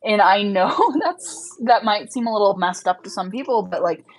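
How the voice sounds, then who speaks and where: A woman's voice: mid-range voice, moderate pace, poor audio. A young woman hosting a casual livestream, chatting frankly with viewers and answering their questions with lots of fillers. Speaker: livestream host, rabbit breeder.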